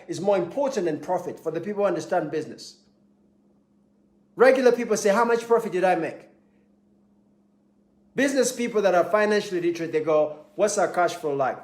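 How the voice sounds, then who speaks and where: A man with a high-sitting, somewhat dark voice gives a motivational talk in a room full of echo. As a motivational speaker, he drives his points home through repetition and plays out small scenes with emphasis.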